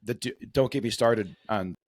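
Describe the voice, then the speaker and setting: A man co-hosting a podcast in casual chat, agreeable and quick to chime in, with frequent fillers. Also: on the low side, darkish tone. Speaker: podcast co-host.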